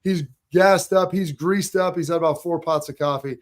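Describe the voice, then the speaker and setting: A man's voice: on the high side, fairly even intonation, normal speed. A man in his forties hosting a sports talk show in an easygoing, upbeat manner, steering the conversation. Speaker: show host.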